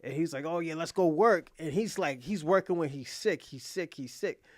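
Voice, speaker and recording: A man's voice: fairly high pitch, moderate pace, no room sound, clean studio sound. A man streaming from home, casually retelling a drama in slangy, profane, rambling talk full of fillers. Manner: slangy, profane, loose storytelling with many fillers. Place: at home, indoors.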